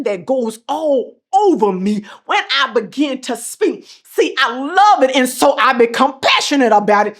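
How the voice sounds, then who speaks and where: A middle-aged woman hosting a show gives a motivational speech in a high-sitting voice, unhurried and with few pauses. She repeats phrases with an emphatic, preacher-like cadence, swinging from soft and calm to loud and passionate.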